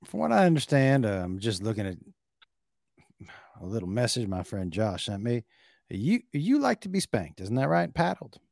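A man's voice: medium pitch, big pitch swings, moderate pace, vocal fry, a little mellow, dry recording, studio quality, pitched below the performer's own voice. A man voicing a boastful, folksy male country music star who hosts his own show and plugs himself. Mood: joking. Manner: folksy, self-promoting showman.

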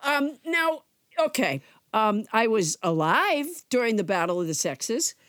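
A woman's voice: fairly high pitch, big pitch swings, unhurried, fairly bright tone, dry recording, clean studio sound. A woman in her sixties co-hosting a podcast, chatty and joking in casual conversation. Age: 60s. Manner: chatty, joking, frequent laughs. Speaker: podcast co-host. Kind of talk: casual chat.

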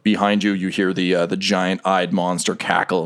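A man narrating as game master, relaxed and laughing often, with frequent fillers. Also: deep voice, normal speed.

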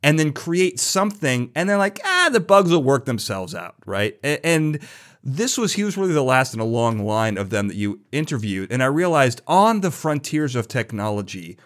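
A man's voice: medium pitch, normal speed. Chatty male podcast host. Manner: animated storyteller, many restarts. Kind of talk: conversational interview.

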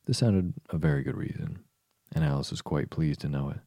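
Very deep, gravelly bedtime narrator. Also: male voice, no room sound, studio quality. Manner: calm, unhurried. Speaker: sleep story narrator. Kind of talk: slow bedtime reading.

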